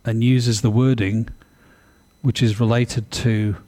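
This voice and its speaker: A male preacher delivers a sermon at an ordinary pitch. His tone is mellow and relaxed, and his delivery stays conversational and animated. He keeps stopping to ask his listeners questions. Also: slow.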